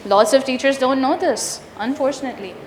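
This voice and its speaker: A woman's voice: high-pitched, fairly quick, noisy background. A woman leading an interactive teacher training workshop, asking the room questions and confirming their answers. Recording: echoey room with long reverb.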